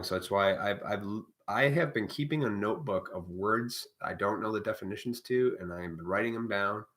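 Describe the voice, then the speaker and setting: A man's voice: sits low, bright, forceful tone. A man hosting a live stream, delivering a blunt, profane, preachy monologue in a casual way.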